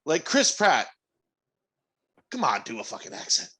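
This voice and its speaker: A man's voice: mid-range voice, huge pitch swings, unhurried, a crowd in the background. A man co-hosting a podcast, talking in a casual, opinionated way and swearing freely. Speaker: podcast co-host. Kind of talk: casual chat.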